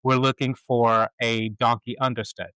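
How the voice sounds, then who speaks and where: A male podcast host, an animated storyteller who laughs often while chatting casually. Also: mid-range voice, normal speed, clear, resonant tone, no echo, poor audio. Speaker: stage performer. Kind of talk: casual conversation.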